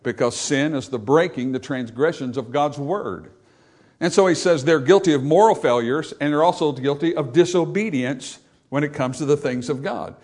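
Emphatic preaching man, fairly high voice. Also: moderate pace. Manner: emphatic preaching with rhetorical questions, rising loud on scripture. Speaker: pastor. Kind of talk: sermon.

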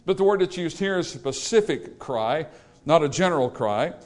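Guy preaching in church, bit high pitched, fervent, keeps asking doesn't he. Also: animated, normal speed. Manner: emphatic preaching with rhetorical questions to the congregation. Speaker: pastor. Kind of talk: sermon. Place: church service.

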